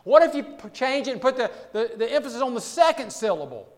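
A man with a high voice preaches a sermon, his words hanging in the long reverb of a big church sanctuary. He swings from loud, emphatic lines to hushed, low asides, repeating key words for weight. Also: very animated, fast talker. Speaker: pastor.

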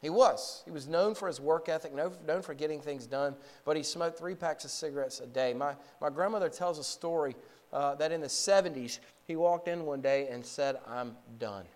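A pastor in his forties preaching a sermon, moving from a relaxed story to fervent, raised exhortation, with frequent repeated words and restarts. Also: fairly high pitch, normal speed. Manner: frequent word repetitions and restarts.

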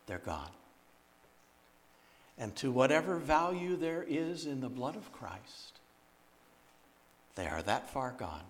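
A man's voice: medium pitch, sing-song, slow pace, long pauses. Storytelling man preaching a sermon. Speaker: guest speaker and singer.

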